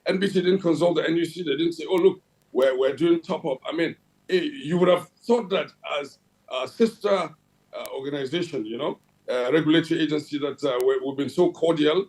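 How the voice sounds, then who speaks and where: A Nigerian man with a voice pitched a bit above the usual for men talks as a guest in a TV interview. He keeps to a formal, official tone, and his sentences often pause on fillers and restart. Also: a little mellow, low-quality recording. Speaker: head of a regulatory agency, guest. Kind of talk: television interview.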